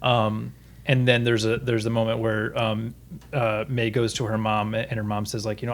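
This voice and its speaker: A man's voice: lowish voice, flat delivery, normal speed. Earnest rambling man podcast host. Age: 30s. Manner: rambling, many restarts and fillers, earnest. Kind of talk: casual review chat.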